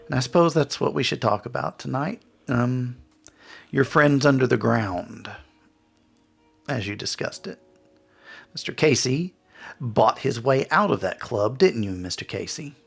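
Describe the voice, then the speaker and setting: A man's voice: medium pitch, expressive, measured pace, creaky, pauses often, fairly bright tone, slightly rough, faint music behind, voice pushed up, exaggerated voice. A man voicing a haughty, mocking female vampire prince in a tabletop game, with a sly, sarcastic manner. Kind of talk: tabletop role-play voice acting.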